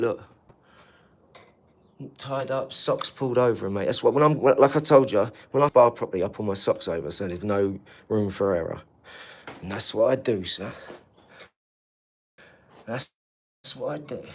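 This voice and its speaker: A man hosting a live stream, chatting casually to viewers and telling stories, calling them mate and geezer. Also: medium pitch. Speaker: livestream host. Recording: echoey room, mic at a distance.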